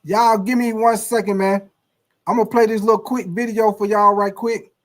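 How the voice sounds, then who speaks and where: A man hosting a sports talk livestream, ranking players in a slangy, animated storytelling style full of curses. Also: high-pitched, moderate pace. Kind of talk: casual sports commentary.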